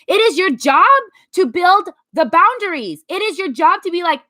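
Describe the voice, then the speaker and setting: Bright, animated woman vlogger. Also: very high-pitched, normal speed, few pauses, no room sound. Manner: animated, emphatic, acts out quotes. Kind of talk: motivational vlog talk to viewers.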